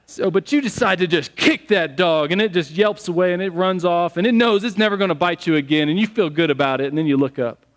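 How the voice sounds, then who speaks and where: A man preaching a sermon as pastor, telling stories in an animated, conversational way. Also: a little high, clear, resonant tone. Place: church sanctuary. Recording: long church hall reverb.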